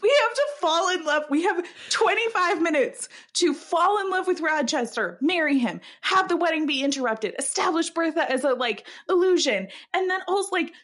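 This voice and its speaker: Animated chatty woman podcast co-host. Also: very high voice. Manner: chatty, emphatic, rushes through asides. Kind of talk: casual chat.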